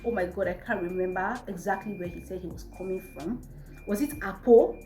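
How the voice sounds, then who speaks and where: A young woman with a Nigerian accent, telling a storytime vlog in an animated, exasperated way. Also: mid-range voice, fairly quick. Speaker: vlogger. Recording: echoey room, faint music.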